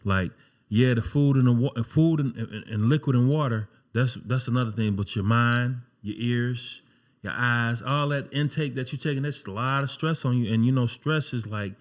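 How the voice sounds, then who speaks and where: A man's voice: mid-range voice, moderate pace. A man agreeing casually on a podcast. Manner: supportive, frequent short agreements. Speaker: podcast co-host. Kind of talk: casual chat.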